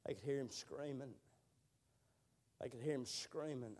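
A man preaching a sermon, telling a slow, drawling testimony that builds into fervent prayer. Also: mid-range voice, darkish tone.

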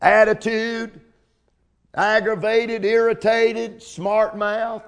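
Male preacher, high-pitched, folksy sermon delivery with amens. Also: little pitch movement, very slow, clear, resonant tone. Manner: preaching with call-outs of amen and come on now.

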